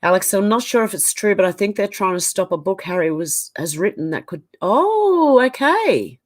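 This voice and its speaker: Fairly quick and on the low side, this woman's voice carries an Australian accent. She is hosting a laid-back livestream, reading out what viewers write in the chat and reacting as she goes.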